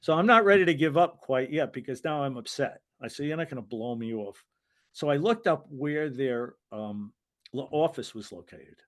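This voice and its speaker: A man's voice: mid-range voice, lively intonation, moderate pace. An older American man, a former wrestling referee, telling long stories in an interview, rambling with restarts and acting out quoted voices. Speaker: guest, retired wrestling referee. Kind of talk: anecdotal interview storytelling.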